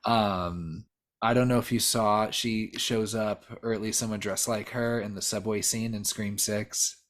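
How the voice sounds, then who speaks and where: A man's voice: lowish voice, fairly even intonation, measured pace, a bit bright. A man co-hosting a podcast, chatting casually about a horror film, rambling with many fillers, restarts and swear words. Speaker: podcast co-host. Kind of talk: casual movie discussion.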